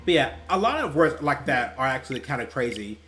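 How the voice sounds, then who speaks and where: A man's voice: mid-range voice, sing-song, fairly quick, pushed and bright. A young man and gaming YouTuber telling stories casually, rambling and laughing at his own tales, with faint music behind him. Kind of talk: casual storytelling while playing.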